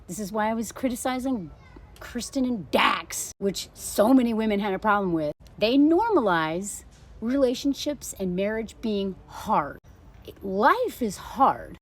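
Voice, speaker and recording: A woman's voice: a little high, a little mellow, husky. A woman in her thirties giving casual, blunt and sarcastic commentary on a dating show. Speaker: social media commentator.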